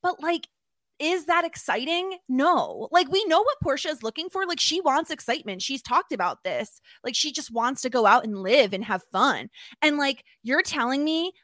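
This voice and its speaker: A woman's voice: high-pitched, moderate pace, no echo, clean studio sound. A woman talking in casual podcast chat, chatty and full of fillers. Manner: chatty, filler-heavy, animated. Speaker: podcast guest.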